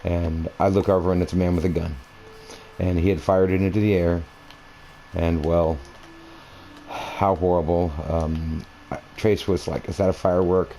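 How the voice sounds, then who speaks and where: A man's voice: low-pitched, little pitch movement, moderate pace, warm tone, slight background noise, low-quality recording. A man recording a gaming video, rambling through a personal story in a meandering, conversational way while he plays at home. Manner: meandering, conversational, many fillers and restarts. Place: at home, playing a console game.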